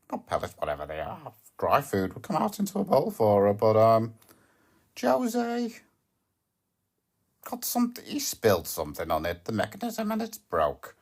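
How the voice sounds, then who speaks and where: A woman hosting a comic podcast, rambling in a deadpan, hesitant way with constant ums and self-corrections. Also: lowish voice. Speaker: podcast host.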